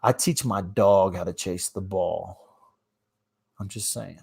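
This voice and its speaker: A man talking into his phone on a casual livestream, going off on rants. He jumps from loud, fired-up bursts down to quiet mutters under his breath. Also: deep voice, steady tone, takes it slowly, gravelly, breathy edge. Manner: ranting, swings between loud outbursts and mumbled asides. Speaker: livestream host. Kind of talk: casual live-stream rant.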